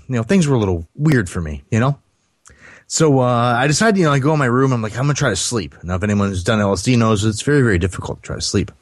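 A man's voice: on the low side, no room sound. Rambling man telling a story, dry sound. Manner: rambling, many fillers and restarts. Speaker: podcast storyteller. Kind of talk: casual storytelling.

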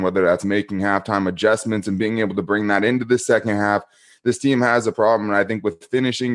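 A man as a methodical coach, lowish voice. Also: close to an everyday voice. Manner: methodical, listing points. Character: analytical male football coach candidate. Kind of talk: comedic mock job interview.

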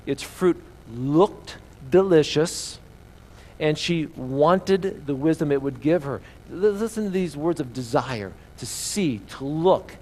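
A man's voice: medium pitch, animated, normal speed, darkish tone, a little hiss or hum. A man preaching a sermon as pastor, emphatic and full of rhetorical questions to the congregation.

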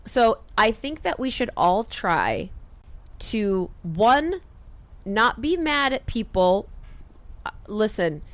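A woman rants on a comedy podcast, swearing freely and jumping between quick asides with lively energy. Her voice is recorded close and dry. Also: on the high side, no room sound. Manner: profane, animated ranting with quick asides. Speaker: podcast co-host. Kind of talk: casual comedic podcast rant.

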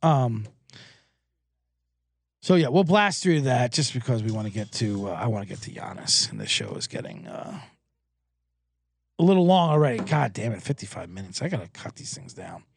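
A man hosting a sports betting podcast alone in a small booth, ranting in a rambling, excitable, profane way. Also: mid-range voice, moderate pace, creaky, long pauses, a little hiss or hum. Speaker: podcast host and sports bettor. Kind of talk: casual sports betting rant.

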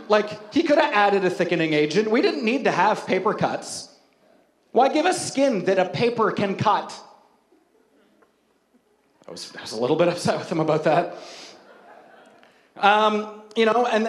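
Joking pastor with a high, roomy voice. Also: male voice, expressive, moderate pace. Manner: humorous, conversational, self-mocking storytelling. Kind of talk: sermon.

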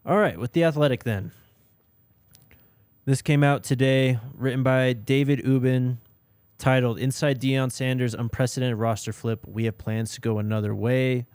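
A man co-hosting a sports podcast in casual chat, relaxed and giving quick "yep" replies. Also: mid-range voice, clean tone, dry recording. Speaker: podcast co-host.

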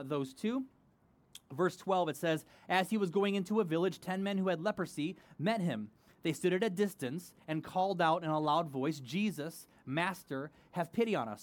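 A man with a high voice preaches a sermon in a relaxed, conversational way. He talks quickly, dropping in fillers and restarting his sentences as he goes. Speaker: pastor.

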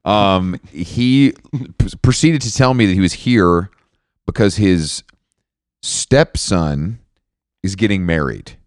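Brief: deep-voiced male podcast co-host, rambling storyteller, dry close sound. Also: dry recording. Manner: rambling storyteller, quick laughs, acts out quotes. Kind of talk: casual storytelling chat.

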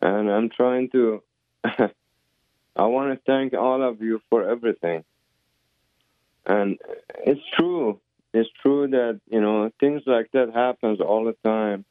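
A man's voice: medium pitch, takes it slowly, long pauses, dry recording. Emotional male caller on a phone line. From abroad. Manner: earnest, repetitive, hesitant. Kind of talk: phone call-in. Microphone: telephone. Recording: narrow telephone line.

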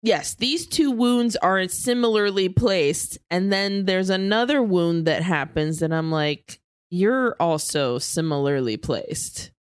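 A woman's voice: mid-range voice, a little slow, hardly any pauses, clear, resonant tone, dry recording, studio quality. A woman co-hosting a podcast, chiming in with brief wry remarks. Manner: brief wry interjections and backchannel. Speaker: podcast co-host. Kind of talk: casual chat.

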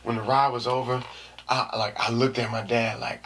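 A young man telling a story to camera in a casual, slangy way, dropping to hushed asides and rising to shouts. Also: fairly low pitch, moderate pace, a little hiss or hum. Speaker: vlogger.

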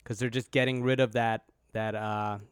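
A man's voice: lowish voice, flat delivery, normal speed, smooth, no echo, clean studio sound. A man in his thirties co-hosting a casual podcast, teasing with a mock-solemn tone. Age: 30s. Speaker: podcast co-host. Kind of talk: casual comedy chat.

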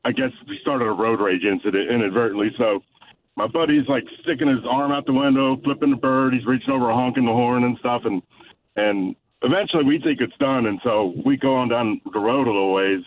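A man's voice: medium pitch, fairly quick, far from the mic. A man from Texas calling in to a radio show, telling a story with many fillers and restarts. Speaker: caller. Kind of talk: phone-in storytelling. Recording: muffled phone line with faint noise.

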